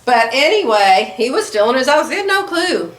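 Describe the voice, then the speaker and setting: Bright, lively middle-aged woman storyteller. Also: sits high, brisk, far from the mic. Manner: chatty, animated, laughs often mid-story. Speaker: sewing vlogger. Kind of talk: casual storytelling to viewers. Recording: echoey room.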